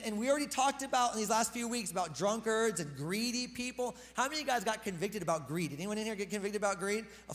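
High-voiced man preaching in a reverberant hall. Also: a bit bright. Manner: conversational, emphatic preaching. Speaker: pastor. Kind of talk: sermon. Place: church hall.

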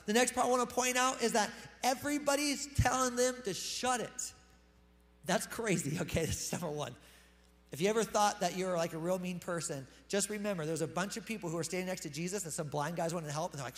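A man preaching a sermon as pastor, animated, swinging between loud emphatic lines and quick hushed asides. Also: high voice, long reverb tail.

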